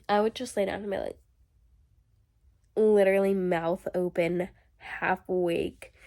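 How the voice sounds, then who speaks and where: A woman venting in a casual diary vlog, ranting and animated, with lots of "like" and "literally", still getting over being sick. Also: mid-range voice, creaky. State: recovering from illness. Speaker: vlogger.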